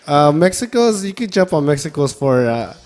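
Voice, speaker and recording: A man co-hosting a podcast, talking soccer in animated, casual chat with loose grammar and quick laughs. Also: fairly high pitch. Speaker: podcast co-host, soccer pundit.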